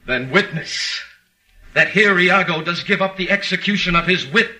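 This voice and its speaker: An actor playing Iago, a cunning scheming villain, in a 1940s radio drama, with a sly, insinuating, theatrical delivery. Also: male voice, high voice, moderate pace, pushed and bright, poor audio. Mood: persuasive.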